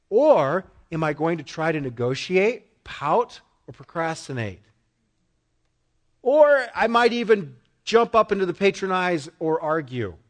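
Middle-aged male pastor, emphatic sermon delivery, repeats lines for weight, slightly high voice. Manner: emphatic, acts out quoted voices, repeats phrases.

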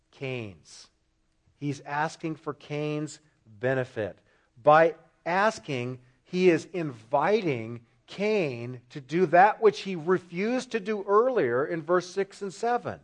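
A man preaching an expository sermon, asking the congregation rhetorical questions and repeating phrases for emphasis. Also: on the high side.

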